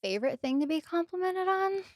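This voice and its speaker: A woman co-hosting a casual podcast chat, agreeable and quick to affirm. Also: very high-pitched, expressive, no room sound, studio quality. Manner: agreeable, many short affirmations. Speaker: podcast co-host.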